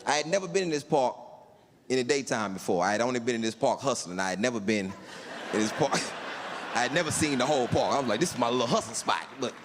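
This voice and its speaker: Animated comedian man telling a story. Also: mid-range voice, fast talker, big-room sound, noisy background. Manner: animated, acts out other voices in his stories. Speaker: stand-up comedian. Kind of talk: stand-up storytelling.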